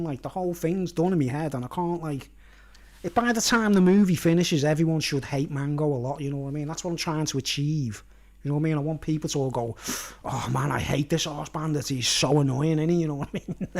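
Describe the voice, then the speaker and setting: A man's voice: a little high, darkish tone. A man rambling casually in a vlog, chuckling at his own jokes and checking in with "you know what I mean". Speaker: vlogger.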